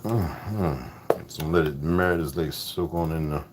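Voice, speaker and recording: A man with an extremely low voice live streams from his home kitchen at normal speed, chatting casually with viewers and muttering to himself as he cooks. The background is noisy.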